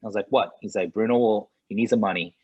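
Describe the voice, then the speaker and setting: Guy on a podcast telling a story, slightly husky, acts out the quotes. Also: on the low side, fast talker, highs cut off. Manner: lively anecdote-telling, acting out quoted dialogue with laughs. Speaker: podcast guest. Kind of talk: animated storytelling in conversation.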